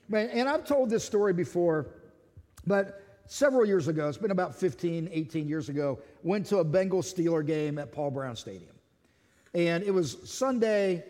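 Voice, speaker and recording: A man preaching a sermon as lead pastor, telling animated stories, acting out quoted voices and asking his listeners question after question. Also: high-pitched, in a large hall.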